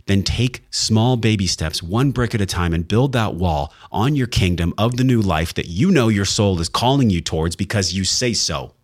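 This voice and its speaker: A man's voice: low-pitched, expressive, moderate pace, no echo, clean studio sound. A man hosting a wellness podcast, speaking in an earnest, heartfelt monologue with emphatic, sometimes profane emphasis. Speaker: podcast host.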